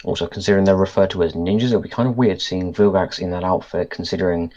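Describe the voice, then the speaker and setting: A man's voice: sits low, fairly even intonation, quick pace, darkish tone, dull audio. A man co-hosting a casual podcast chat, thinking aloud and restarting his sentences as he goes. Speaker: podcast co-host. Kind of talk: casual chat reviewing a cartoon episode.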